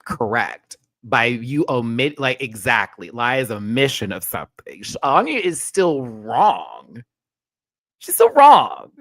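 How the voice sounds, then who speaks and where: A man hosting a live show review, ranting in an animated and profane way. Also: medium pitch, unhurried, hardly any pauses, dry recording, clean studio sound. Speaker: host.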